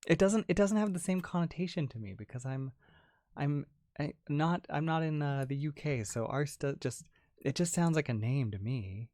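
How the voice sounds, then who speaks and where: A young adult ASMR creator chats casually on a livestream and reads out viewers' messages. The voice swings widely in pitch, and the talk is full of restarts and "like" with frequent giggling. It sounds dry and close on a good mic. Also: lively intonation, moderate pace, dark tone, no room sound. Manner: chatty, lots of "like" and restarts, giggles often.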